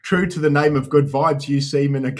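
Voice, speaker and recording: Relaxed South African co-host. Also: male voice, fairly high pitch, a little fast. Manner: relaxed, laughing easily. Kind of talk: casual livestream chat.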